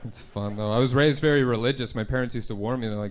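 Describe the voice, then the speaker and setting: A young man doing a stand-up comedy set in a club, talking in a conversational, self-deprecating way and jumping into quick voices for his stories. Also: mid-range voice. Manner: conversational, self-deprecating, punchy act-outs.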